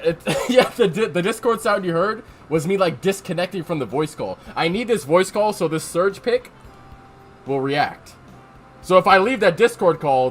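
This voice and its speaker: Casual, joking let's-play streamer with lively pitch.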